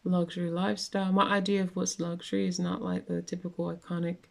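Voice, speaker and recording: A woman's voice: on the low side, flat delivery, fast, vocal fry. A young woman venting in a casual vlog rant, rambling with many fillers and restarts. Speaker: vlogger.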